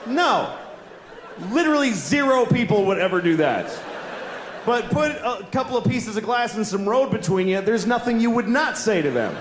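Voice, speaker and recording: Male stand-up comic, high and animated, confessional with shouted bursts, roomy venue. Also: normal speed, some chatter behind, a little hiss or hum. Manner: confessional, shifts from musing to shouted outbursts. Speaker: stand-up comedian. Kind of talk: stand-up set.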